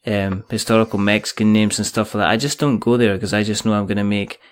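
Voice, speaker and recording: A man's voice: lowish voice, fairly even intonation, fast talker. A Scottish man hosting a casual chat over a video call, joking and rambling in a self-deprecating way. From Scotland. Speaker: podcast host.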